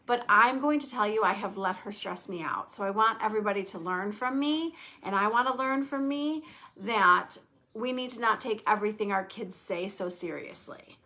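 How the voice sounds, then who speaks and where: A woman's voice: mid-range voice, normal speed, bright, forceful tone. A middle-aged woman hosting a podcast, chatting candidly and emotionally, rambling a little. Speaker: podcast host. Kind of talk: casual podcast chat.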